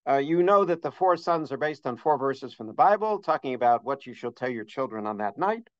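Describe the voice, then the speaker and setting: A man's voice: mid-range voice, expressive, brisk, no echo. Earnest scholarly man, dull dry recording. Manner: earnest, cites sources in detail, frequent uhs. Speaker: religious teacher. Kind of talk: scholarly holiday lesson.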